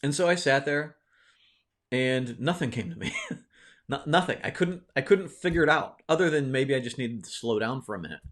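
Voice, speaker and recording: A man's voice: medium pitch, animated, moderate pace, fairly bright tone. A man hosting his own video, telling a personal story in a casual, rambling way, with many fillers and restarts, often checking in with "right?". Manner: reflective, encouraging. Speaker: video host.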